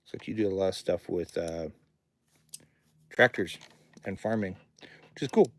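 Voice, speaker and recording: A man's voice: sits low, moderate pace. Rambling male studio owner on livestream. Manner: rambling, reads viewer comments aloud. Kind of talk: casual livestream chat. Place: home recording studio.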